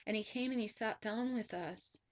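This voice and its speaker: A woman's voice: fairly high pitch, normal speed. A woman spiritual teacher telling a personal story in an earnest monologue, often repeating herself and restarting sentences.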